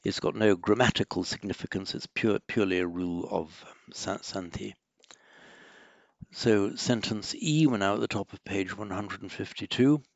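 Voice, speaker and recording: A man teaching a Sanskrit lesson, thinking aloud with frequent ums and restarts and slowing down to spell out words. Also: fairly low pitch, creaky, no room sound, lo-fi sound. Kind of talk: classroom lesson walking through exercises.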